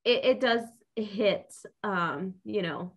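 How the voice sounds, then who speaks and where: A woman's voice: mid-range voice, takes it slowly, muffled recording. A woman co-hosting a casual podcast, upbeat and giggly, with lots of "you know" and "like". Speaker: podcast co-host.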